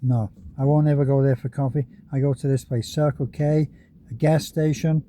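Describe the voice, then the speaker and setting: A man's voice: mid-range voice, steady tone, normal speed, warm tone. A man in a parked car giving casual, rambling commentary on other YouTubers, chatty and often chuckling.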